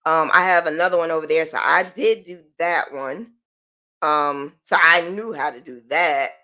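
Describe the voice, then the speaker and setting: A woman hosting a podcast, telling a personal story in a chatty, animated way with informal slang. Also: deep voice, normal speed. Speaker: podcast host.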